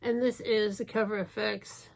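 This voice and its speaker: Her medium-pitched voice is gravelly and flat, moving at a moderate pace. She's a beauty vlogger in her fifties casually talking her way through a makeup tutorial, musing aloud and joking about herself.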